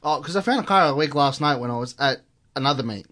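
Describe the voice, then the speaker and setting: A man's voice: medium pitch, lively intonation, fast talker, sharp tone. A man on a car podcast, making wisecracks and playing mock-indignant. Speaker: podcast guest. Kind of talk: casual chat.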